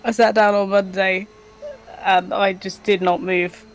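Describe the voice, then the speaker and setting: A woman chatting on a game livestream and reading out viewer comments. She talks slowly, with plenty of ums and giggles, at a middling pitch. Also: flat delivery, slight background noise. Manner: slow, hesitant, many ums, giggly. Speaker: livestream co-host.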